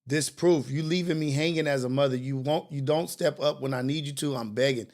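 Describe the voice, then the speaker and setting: A young man hosting a morning show, talking in an animated, preachy and confessional way, with slang and cursing. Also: medium pitch, fairly quick. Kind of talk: casual commentary monologue.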